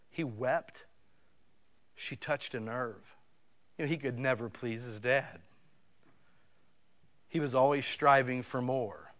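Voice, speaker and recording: A man's voice: medium pitch, slow, pauses often, a bit bright. A man preaching a sermon in a folksy, conversational way, talking directly to his listeners with emphatic swells. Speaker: pastor.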